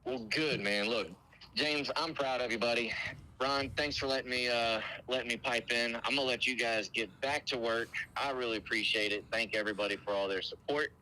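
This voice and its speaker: A man's voice: medium pitch, fairly quick, sharp tone, poor audio. A man calling in by phone to a podcast, talking in a friendly, emphatic way. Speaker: caller. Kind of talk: casual chat. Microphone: phone call.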